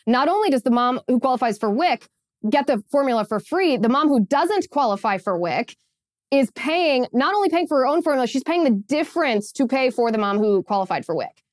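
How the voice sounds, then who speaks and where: A woman's voice: high voice, animated, a little fast, dry recording, studio quality. A woman hosting an opinion podcast, emphatic and sarcastic, often repeating her phrases. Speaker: podcast host. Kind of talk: opinion commentary.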